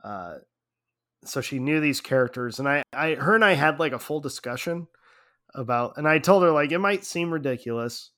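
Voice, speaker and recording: A middle-aged man in casual chat, telling a story in an animated way and laughing often. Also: on the high side, normal speed.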